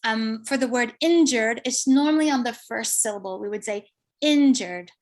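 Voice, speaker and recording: Higher-pitched woman presenting her research. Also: a little fast. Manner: explanatory, with frequent um fillers. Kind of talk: academic conference presentation.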